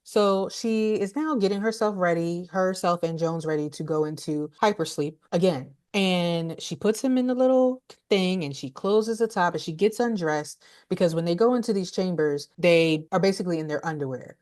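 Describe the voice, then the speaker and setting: A woman co-hosting a podcast, recapping a horror movie in an animated, blunt and laughing way. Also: on the low side, moderate pace, hardly any pauses. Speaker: podcast co-host, movie reviewer.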